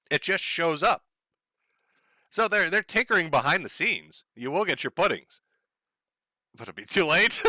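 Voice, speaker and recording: A man's voice: fairly high pitch, pushed and bright, no room sound. A man from the United States hosting a casual livestream, talking in a profane, sardonic way and chuckling often. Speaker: livestream host.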